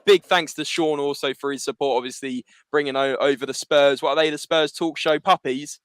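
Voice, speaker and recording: A man co-hosting a casual livestream chat, excitable and reading out chat messages. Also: fairly high pitch, fairly quick, clean tone, dry recording. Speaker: co-host.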